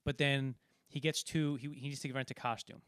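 A man's voice: medium pitch, fairly even intonation, moderate pace, a bit bright, no room sound, studio quality. A man casually talking through a film, rambling and acting out quoted lines as he retells scenes. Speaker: podcast co-host.

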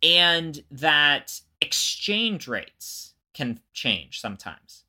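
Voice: medium pitch, very animated, drawn-out words, sharp tone. A podcast co-host explaining at length in casual chat, often restarting and circling back.

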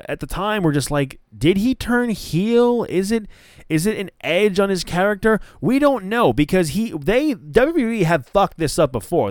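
A man's voice: on the high side, clean tone, dry recording, studio quality. A man hosting a casual wrestling podcast, giving opinionated takes and often correcting himself mid-sentence. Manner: opinionated, rambling with frequent self-corrections. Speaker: podcast host.

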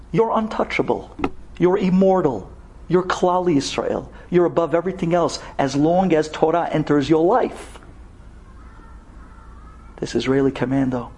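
A man preaching through a dramatic story, his voice gravelly and a touch husky. He pitches a little high for a man and throws himself into the tale. He leaps into higher voices whenever he quotes someone. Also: a little mellow. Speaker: religious storyteller. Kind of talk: animated sermon storytelling.

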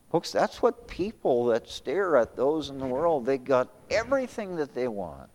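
A man's voice: mid-range voice, sing-song, normal speed, few pauses, darkish tone, in a large hall. A male pastor preaching a sermon, swinging between raised emphasis and sudden whispers, often repeating words as he restarts.

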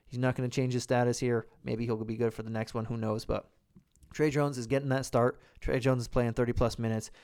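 A man hosting a casual sports podcast, talking fast and loose with fillers, a little out of breath. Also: medium pitch, little pitch movement, a little mellow, clear, resonant tone. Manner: quick, loose delivery with fillers. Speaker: podcast host.

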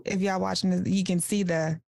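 A woman gives plain-spoken advice as a guest on a podcast couch, talking straight to the listener. Her voice has a gravelly edge, and she keeps it lively by acting out small workplace exchanges. The sound is dry and close. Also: fairly low pitch, brisk, dry recording. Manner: direct, animated, acts out examples. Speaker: life coach guest. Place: studio couch.

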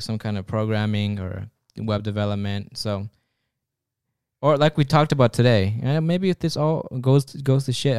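A man's voice: lowish voice, darkish tone, clean tone, no room sound, clean studio sound. A man co-hosting a casual podcast, rambling and joking at his own expense, often restarting his sentences. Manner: rambling, self-mocking humor with frequent restarts. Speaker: podcast co-host.

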